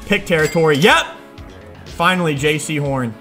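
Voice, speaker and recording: A young man giving live commentary on his own football video game, excitable, yelling at plays and trash-talking. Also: on the high side, normal speed, faint music behind. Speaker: gaming YouTuber.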